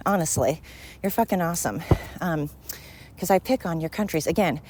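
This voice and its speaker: A woman's voice: medium pitch, moderate pace, background noise. A middle-aged woman hosting a casual, rambling podcast monologue while walking uphill, chatty and blunt, swearing freely and poking fun at herself, a little out of breath. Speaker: podcast host. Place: outdoors walking, yard work noise around.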